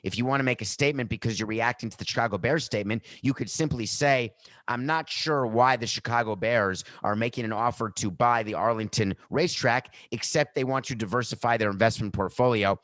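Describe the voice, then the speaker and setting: A man's voice: medium pitch, a little fast, dry recording. A middle-aged man hosting a sports podcast, ranting sarcastically and mocking statements in a dry studio. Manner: sarcastic, animated rants with mock quotes. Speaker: podcast host. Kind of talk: opinionated sports commentary. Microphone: studio microphone with earpiece.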